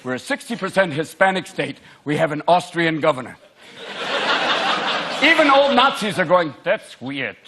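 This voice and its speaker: A man from the United States doing a stand-up comedy set on stage, animated, shouting out impressions of politicians. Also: on the high side, moderate pace, long pauses. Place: large theatre before a live audience. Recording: loud crowd laughter and noise.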